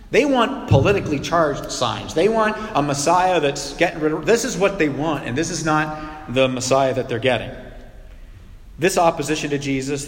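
A man preaching a sermon in a lively, conversational way, breaking into acted outbursts. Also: mid-range voice. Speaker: pastor. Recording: echoey hall with long reverb.

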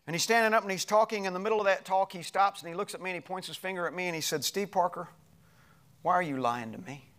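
Animated preacher man, higher voice. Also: rapid-fire, few pauses. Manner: animated, swings from loud to hushed. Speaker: pastor. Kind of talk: sermon storytelling.

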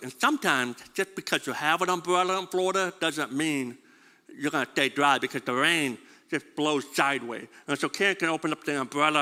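A pastor with a mid-range, sharp-toned voice preaches in a big-room setting. He stumbles over repeated words and puts questions to his congregation.

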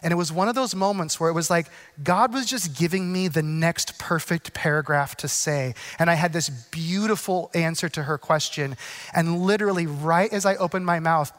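A man who is a pastor, telling a self-deprecating story in his sermon and then turning earnest and unhurried. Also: a little high, fairly bright tone.

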